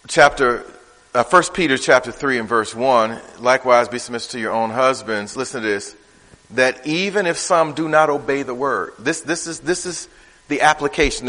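A man preaching a sermon in a conversational style, swinging from loud, high bursts to low, quiet asides. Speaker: pastor. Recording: reverberant hall.

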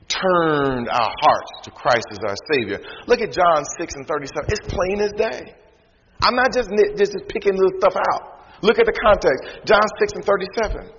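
Male Southern preacher, high-pitched, sermon in a reverberant sanctuary, muffled recording. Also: a little hiss or hum. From North Carolina. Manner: calls out to the congregation, rising to shouts. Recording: dull sound in a reverberant hall.

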